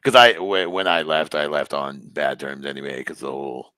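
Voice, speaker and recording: A man with a gravelly voice chatting bluntly and swearing casually. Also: a bass voice, a little fast, pushed and bright, no room sound, studio quality. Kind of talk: casual chat.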